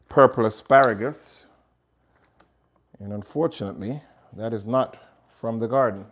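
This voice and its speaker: A man with a Jamaican accent hosts a relaxed cooking demo from his home kitchen. He chats directly to his viewers as he works, in an easygoing, talkative manner. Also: lowish voice. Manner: chatty, talks straight to viewers. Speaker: cooking show host. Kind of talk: casual cooking demonstration.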